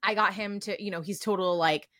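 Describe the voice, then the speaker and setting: A woman's voice: medium pitch, brisk, fairly bright tone, no echo, studio quality. A woman hosting a podcast, talking in a reflective, earnest way. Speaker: podcast host. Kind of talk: casual podcast conversation.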